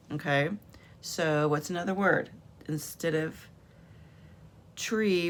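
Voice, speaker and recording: A woman teacher giving a patient home video lesson on phonics, sounding out letters and words slowly from her room. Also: low voice, steady tone, a little hiss or hum.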